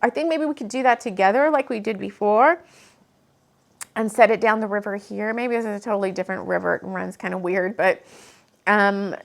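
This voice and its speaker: A woman's voice: medium pitch, gravelly. A woman channeling spiritual messages and reading tarot cards to the camera in an earnest, meandering way that turns emotional, speaking from her home. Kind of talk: casual spiritual video talk. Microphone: camera mic.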